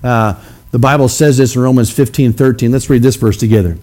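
A man preaching a sermon to his congregation in a conversational way, often checking in with the room with a quick "okay?". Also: mid-range voice, fairly even intonation, a little mellow. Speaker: pastor. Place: church sanctuary.

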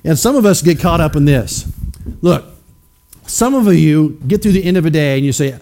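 A man's voice: on the high side, quick pace, mellow. A man preaching a sermon, emphatic and questioning his congregation directly. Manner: acts out skeptics in mocking voices.

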